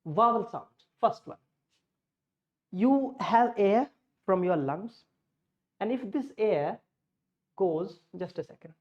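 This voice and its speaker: A woman teaching pronunciation, slow and deliberate, repeating key words as she demonstrates sounds. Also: mid-range voice, expressive, a little mellow, lo-fi sound. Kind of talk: spoken English lesson.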